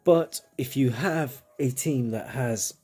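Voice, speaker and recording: A man's voice: medium pitch, slow, darkish tone, slightly rough, faint music behind. A man with a British accent giving casual, rambling commentary on a game, with self-mocking asides.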